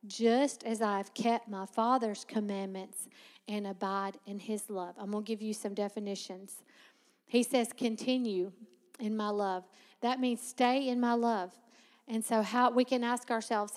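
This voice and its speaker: High-voiced woman preaching in a reverberant hall. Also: moderate pace. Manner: lively, laughing asides, teaching tone. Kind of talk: sermon.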